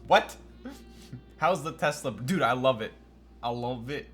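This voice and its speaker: A man's voice: medium pitch, measured pace, a bit bright. A young man streaming live, chatting casually and joking at his own expense while building a keyboard and answering his chat. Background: faint music.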